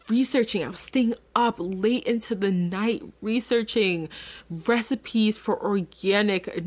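A young adult woman hosting her own podcast, talking candidly and chattily straight to her listeners. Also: medium pitch. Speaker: podcast host. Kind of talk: casual solo podcast monologue.

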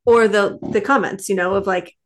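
A woman's voice: medium pitch, fairly even intonation, normal speed. Earnest woman telling a parenting story. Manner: earnest, storytelling, many "like" fillers. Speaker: parenting guest. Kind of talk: casual podcast conversation.

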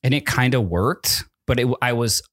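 A man's voice: mid-range voice, normal speed, a bit bright, no room sound, studio quality. A young adult man, an actor co-hosting a podcast, talks in a rambling, self-interrupting way with teary eyes, laughing through the tears. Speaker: podcast co-host. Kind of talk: casual chat.

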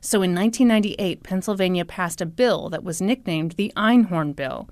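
A woman's voice: fairly low pitch, normal speed, no echo, studio quality. A woman hosting a podcast, casually retelling a true-crime story with sarcasm and frequent swearing. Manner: profane, sarcastic, animated retelling. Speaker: podcast host.

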